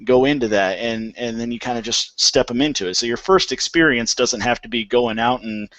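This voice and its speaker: A man's voice: mid-range voice, fairly quick, a bit bright, no echo, rough recording. Folksy man hosting a homestead chat. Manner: conversational, folksy, many restarts. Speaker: homesteading panel host. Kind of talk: casual panel discussion.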